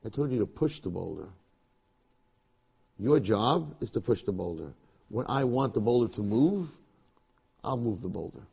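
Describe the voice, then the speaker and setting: A man doing God, calm and low. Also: moderate pace, gravelly, long pauses, slightly rough, exaggerated voice. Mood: reassuring. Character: calm male God, patient and reassuring.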